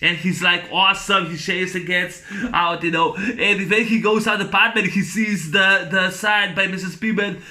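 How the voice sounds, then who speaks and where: A man's voice: sits high, steady tone, normal speed, pushed and bright. A man giving a casual, rambling spoken film review. He is enthusiastic, halts over fillers and restarts, and laughs often as he retells scenes. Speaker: movie reviewer.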